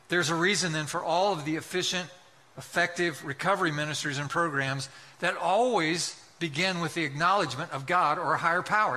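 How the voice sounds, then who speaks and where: Forceful high-voiced male preacher. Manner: impassioned, rhetorical questions, acts out quotes. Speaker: pastor. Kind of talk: sermon.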